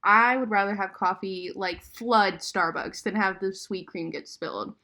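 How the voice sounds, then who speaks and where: Bright-voiced young woman cracking jokes. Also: mid-range voice. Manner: quippy, quick to joke. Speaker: podcast co-host. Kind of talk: casual chat.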